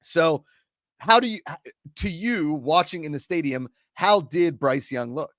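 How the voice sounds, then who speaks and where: A man hosting a casual talk show, animated and joking, with quick reactions. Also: fairly high pitch, dry recording, studio quality. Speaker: host. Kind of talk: casual chat.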